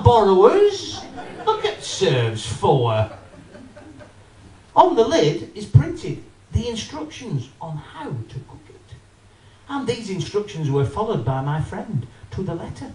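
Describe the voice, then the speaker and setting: A man doing an animated stand-up routine, talking straight to a live audience. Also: high-pitched, unhurried. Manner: animated, addresses the audience, acts out voices. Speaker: stand-up comedian. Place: live comedy venue with audience. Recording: roomy live venue, mic from a distance.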